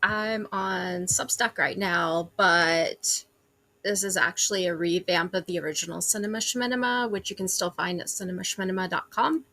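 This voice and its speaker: A woman film critic, a podcast guest, who talks with hesitant ums. Her voice sits low for a woman but has a bright, sharp edge. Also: normal speed. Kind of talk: casual interview.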